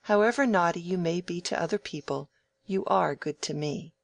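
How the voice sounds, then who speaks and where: A reader voicing a sharp-witted young woman, frank and teasing, in brisk, crisp audiobook dialogue with mild scolding. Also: medium pitch, dry recording, lightly acted.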